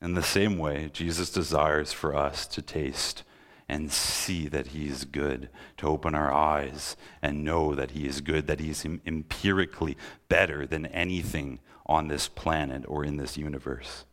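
A man's voice: rumbling low, fairly even intonation, measured pace, a bit bright. A young man preaching a sermon in an earnest voice that rises into impassioned, pleading questions.

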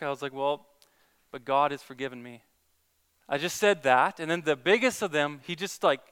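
Man, earnest evangelist, casual storytelling, bright and crisp voice, slightly high. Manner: earnest storytelling with many restarts. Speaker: Christian evangelist. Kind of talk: casual testimony talk.

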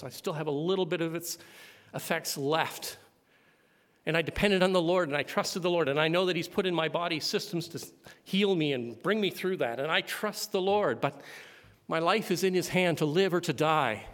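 A man preaching a sermon, building to loud emphatic climaxes. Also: on the high side. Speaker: pastor. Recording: long hall reverb.

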